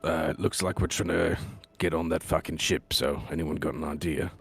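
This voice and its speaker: Super deep gravelly husky guy playing d&d, blunt, swears a lot. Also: fairly even intonation, moderate pace. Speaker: player. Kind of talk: playing a tabletop game.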